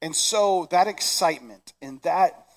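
A middle-aged man preaching a Christmas sermon, animated and shouting excited lines. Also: high voice, measured pace. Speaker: pastor. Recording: long reverb of a large hall.

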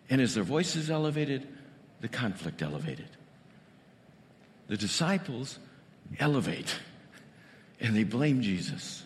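A man's voice: mid-range voice, in a large hall, slight background noise. A male pastor giving a conversational sermon, full of rhetorical questions.

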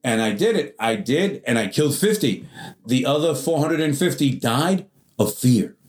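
A man voicing death from a fable, speaking calmly and matter-of-factly in his own voice, in an echoey room. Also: medium pitch, moderate pace, close to an everyday voice. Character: Grim Reaper, calm male death with scythe.

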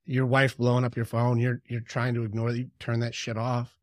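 A man co-hosting a casual conversation, telling stories in an animated way with quick asides. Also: mid-range voice, no room sound, clean studio sound. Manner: animated storyteller, lively with impressions and asides. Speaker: podcast co-host.

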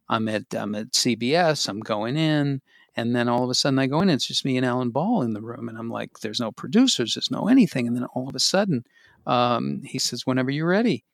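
A male actor in casual chat who tells stories in a halting, wry way. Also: medium pitch, gravelly, dry recording, clean studio sound.

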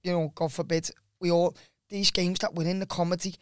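A man's voice: sits high, little pitch movement, fairly quick, smooth, no echo, studio quality. A man with a Scouse accent, a singer and guest on a podcast, chatting casually, swearing and often asking if you know what he means.

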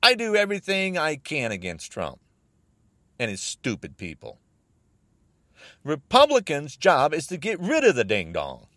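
An agitated American man rants with a voice that leaps from high, strained outbursts down to low mutters. His pitch sits a little high for a man, and the sound is dry and close, with no room around it. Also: wildly swooping pitch, unhurried, long pauses, dry recording. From United States. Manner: agitated, repetitive, swinging between shouting and muttering. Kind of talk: angry political rant.

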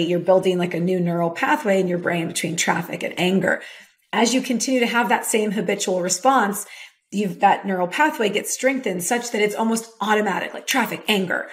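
Upbeat woman coach on a podcast. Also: medium pitch. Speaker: podcast guest, women's leadership coach. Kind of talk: conversational interview.

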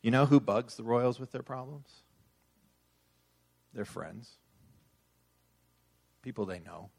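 A pastor preaching a sermon to his congregation, joking and swelling loud for emphasis. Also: mid-range voice, expressive, slow pace, vocal fry.

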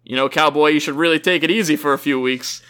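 A man mimics a teasing, smooth-talking outlaw, quick and mocking. The voice sits a little higher and louder than his own. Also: close to an everyday voice.

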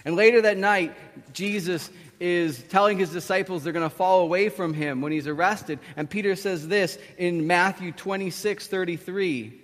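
An animated male preacher tells a storytelling sermon and acts out the quotes. His voice sits fairly high, and a long hall reverb lingers after his words. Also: normal speed, few pauses.

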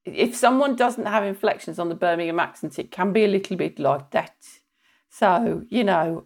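A woman's voice: on the low side, moderate pace. A woman from England in casual chat, playful and given to mimicking accents. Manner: playful, slips into mock accents and laughs often.

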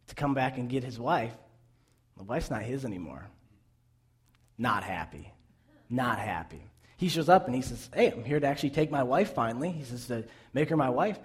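A young man preaching and telling a Bible story with a lot of energy. He jumps between narration, acted-out lines and excited asides to the listeners, and his pitch swings widely. His voice sits at a middling pitch for a man. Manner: animated storytelling, acting out the characters' lines. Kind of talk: sermon retelling a Bible story.

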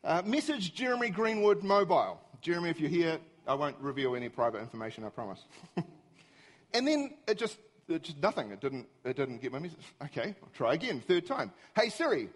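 A middle-aged man giving a humorous, self-mocking storytelling talk to an audience, animated and easily exasperated. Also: fairly high pitch, brisk. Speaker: speaker.

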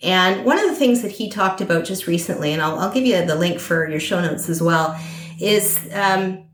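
A woman's voice: on the low side, moderate pace, slight background noise. Echoey, hesitant woman discussing politics. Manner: thoughtful, hesitant, many fillers and restarts. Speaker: podcast guest. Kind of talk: political conversation.

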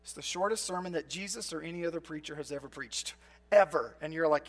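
A man preaching a sermon as a pastor, conversational, moving between loud emphatic bursts and quiet, low asides. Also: fast.

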